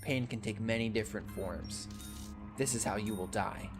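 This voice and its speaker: A slow, measured monster voice, read by a man in his plain tone, threatens in solemn, deliberate phrases. Game music runs behind it. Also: lowish voice, lightly acted. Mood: menacing. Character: slow, menacing toilet monster from the depths.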